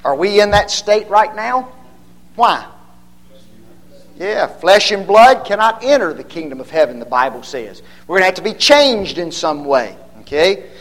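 Slow, high-voiced man teaching Bible study. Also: sing-song, a bit bright. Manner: quizzing listeners with rhetorical questions, frequent "okay?"; stretches key words slowly for emphasis.

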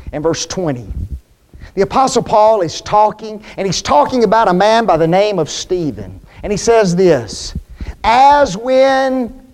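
A man's voice: on the high side, darkish tone. A man preaching a sermon, building emphasis and asking the congregation rhetorical questions.

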